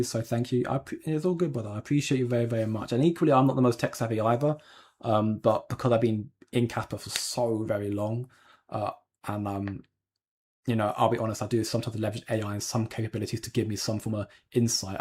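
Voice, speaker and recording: A man's voice: medium pitch, fairly even intonation, fast, darkish tone, slightly rough. A man hosting a crypto livestream, chatting casually and answering viewer comments with lots of ums and restarts. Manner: rambling, hedging, frequent ums and restarts. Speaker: crypto channel host.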